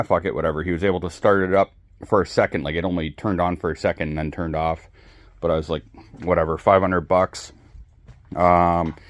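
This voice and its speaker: A man chatting casually in his home garage, rambling, swearing freely and filling pauses with ums. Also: sits low, dry recording. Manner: rambling, profane, relaxed, many ums. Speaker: hobby video creator.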